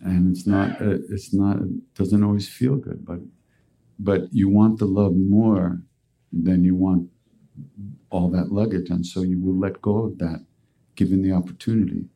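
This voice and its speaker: Male podcast host, low warm voice, casual rambling storyteller. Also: steady tone, measured pace, creaky, breathy edge. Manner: casual, rambling, with fillers and restarts. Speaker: podcast host and spiritual teacher. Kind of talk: storytelling talk.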